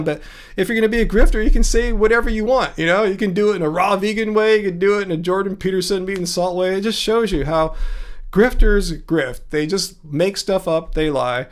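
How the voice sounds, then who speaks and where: A man's voice: sits high, expressive, normal speed. A man hosting a livestream in casual chat, joking, laughing at himself and reacting to comments from chat. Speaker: livestream host.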